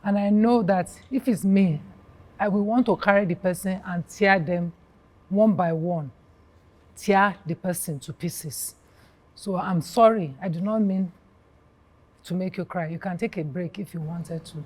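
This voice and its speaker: A woman with a Nigerian accent interviewing a mother, speaking softly and sympathetically. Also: lowish voice, unhurried. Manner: sympathetic, soft-spoken comforting. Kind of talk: interview questioning.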